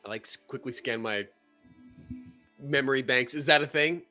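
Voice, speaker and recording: A man's voice: mid-range voice, moderate pace, faint music behind. A man playing a tabletop game, joking and chatting with the game master. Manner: joking, animated. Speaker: player.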